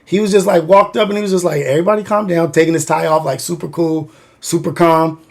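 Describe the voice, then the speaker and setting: A man's voice: fairly high pitch, level tone, brisk, creaky. A man hosting a livestream, telling a story in a rambling, profane way with a constant "like". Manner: rambling, profane, heavy use of "like". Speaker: livestream host.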